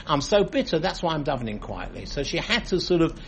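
Guy teaching a talmud class, a bit gravelly, faint noise behind. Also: a little high, sing-song, fast. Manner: explains, translating line by line.

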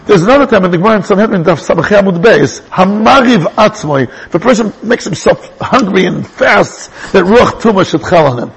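Man, rabbi teaching a class, animated, high-pitched, raspy. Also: a little fast, few pauses, rough recording. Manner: animated, jumps between English and Hebrew terms, restarts sentences. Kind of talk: lively Torah lecture.

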